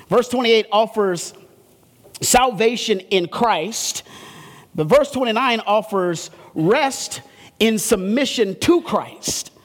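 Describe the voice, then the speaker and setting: A man preaching a sermon, building to impassioned, rising refrains and dropping low and quiet for explanation. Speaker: pastor.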